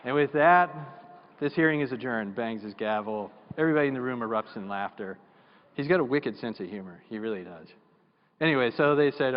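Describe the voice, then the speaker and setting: A man's voice: medium pitch, expressive, a little fast. Middle-aged man, keynote speaker, folksy and self-deprecating; dull sound with long hall reverb. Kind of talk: storytelling keynote speech. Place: large conference hall.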